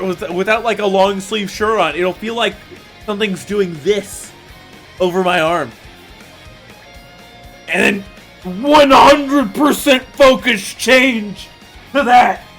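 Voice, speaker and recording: A man streaming a game, talking casually and profanely, venting in an animated way with loud mock outbursts. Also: high-pitched, slow pace, long pauses, soft background music. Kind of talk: casual gaming stream commentary.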